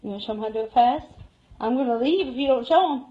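A woman's voice: on the high side, rapid-fire, dark tone, dull audio. A woman giving a live tour of a cat shelter, cooing and baby-talking to the cats as she goes. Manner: coos and baby-talks to cats.

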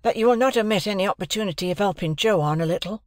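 A man's voice: high-pitched, rapid-fire, no echo, pitched above the performer's own voice, natural voice. Man doing an earnest young man, eager, slightly lofty, storybook reading, dry recording. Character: earnest young man newly come into fortune.

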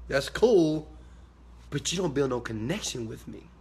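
A man giving a motivational talk to his viewers, emphatic and preachy, swinging from quiet asides to loud shouted bursts. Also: mid-range voice, moderate pace, slightly rough. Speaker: motivational speaker.

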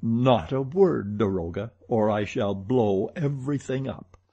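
A man voicing a calm, mocking masked madman who speaks slowly and deliberately. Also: mid-range voice, husky, highs cut off, heavily acted. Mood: cold taunting. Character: cold, mocking male masked madman, composed.

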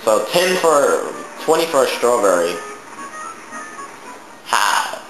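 A man's voice: mid-range voice, sing-song, takes it slowly, a bit bright. A man giving rambling, jokey gameplay commentary as a let's play host, with crude asides. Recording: echoey room with game music. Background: game music.

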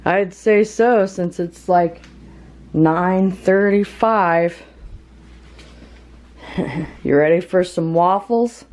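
Slow-talking woman vlogger. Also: fairly low pitch, darkish tone. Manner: chatty, narrating her day to viewers. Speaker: family vlogger. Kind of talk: casual home vlog.

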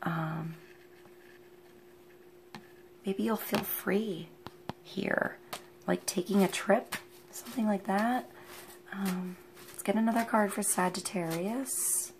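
A woman talks through a tarot reading off the cuff, in a voice of ordinary middle pitch. She speaks unhurriedly and halts often to think aloud between ideas. Faint background noise sits under her voice. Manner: musing, halting, thinks aloud with many pauses. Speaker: tarot reader.

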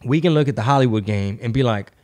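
A man hosting a casual comedy podcast, profane and riffing, slipping into quick impressions. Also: mid-range voice, a little mellow. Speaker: podcast host.

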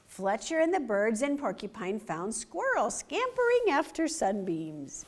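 A woman reading a picture book aloud to children, animated and stopping to ask them questions. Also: a little high, unhurried, hardly any pauses. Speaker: story time reader.

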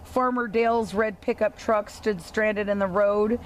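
Lady reading a kids' farm story real slow and playful, a little faint hiss behind. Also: medium pitch, fairly even intonation. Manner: slow, playful read-aloud with lifted character lines. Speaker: storybook reader. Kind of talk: reading a children's picture book aloud.

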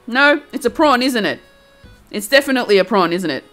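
A woman's voice: on the high side, lively intonation, brisk, fairly bright tone, faint music behind. A young American woman chatting casually on a game live stream, teasing her chat playfully and laughing all the time.

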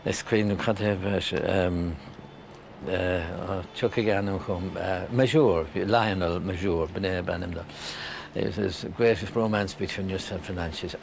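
An older Irish man reminiscing casually, chuckling and pausing with many fillers. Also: deep voice, fairly even intonation, gravelly, slight background noise. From Ireland. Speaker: storyteller.

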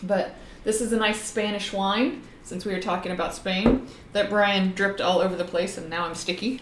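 A woman's voice: medium pitch, steady tone, moderate pace, reverberant, background noise. A woman co-hosting a live drawing stream in casual chat, talkative and laughing often, with plenty of ums as she tells stories.

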